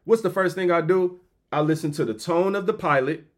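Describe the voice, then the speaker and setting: A man hosting a podcast, telling stories in an animated, joking, slangy way. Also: sits high, brisk. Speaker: podcast host. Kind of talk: comedic motivational storytelling.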